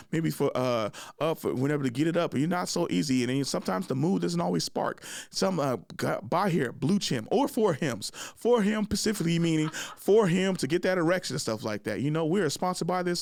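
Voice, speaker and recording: A man's voice: on the high side, no echo, studio quality. A man hosting a podcast in casual chat, rambling and slangy, often laughing. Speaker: podcast host.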